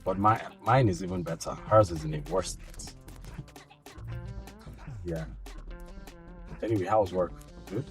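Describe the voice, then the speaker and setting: A chatty man with a Nigerian accent, amused and easygoing on a phone call. His voice sits very low, and faint music plays behind him. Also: unhurried, pauses often. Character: cheerful man telling a story on the phone. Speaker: actor in a film. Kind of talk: film drama acting.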